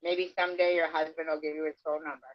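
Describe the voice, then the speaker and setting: A woman's voice: low-pitched, little pitch movement, quick pace. Blunt, crude woman on dull audio. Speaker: livestream co-host. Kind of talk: casual late-night banter.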